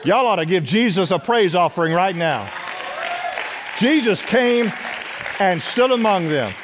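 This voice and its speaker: A man preaching a sermon as pastor, urging his congregation to respond and dropping at times to a hush. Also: sits high, big pitch swings, measured pace, a crowd in the background, background noise. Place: church sanctuary. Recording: long church hall reverb.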